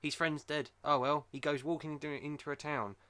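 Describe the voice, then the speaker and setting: A man's voice: a little high, steady tone, brisk, bright, forceful tone, clean tone. A man with a sore throat, rambling and joking as a podcast co-host in casual chat. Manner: jokey, rambling, breaks into silly voices.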